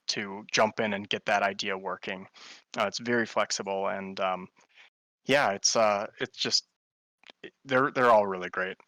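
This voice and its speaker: A man chatting as a guest in an interview, enthusiastic and quick to laugh, with some fillers. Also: lowish voice, sharp tone, no echo, rough recording. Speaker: guest, hologram artist. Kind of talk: casual interview chat.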